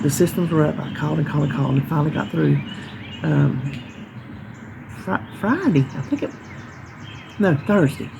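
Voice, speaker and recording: Out on a bird-filled porch, a woman with a Southern US accent rambles through a casual chat vlog in folksy storyteller fashion. Her low voice is creaky, and the background is noisy.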